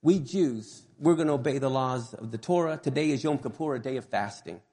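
A man voicing a calm, defiant Jewish prisoner who speaks quietly and slowly. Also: mid-range voice, voice pushed down, close to an everyday voice. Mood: composed. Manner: quiet, slow, composed.

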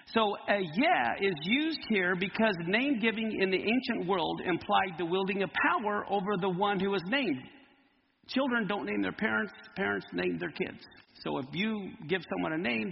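A man preaching a Bible teaching sermon, lively and emphatic as he explains Hebrew words. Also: high voice, vocal fry, big-room sound, muffled recording, slight background noise.

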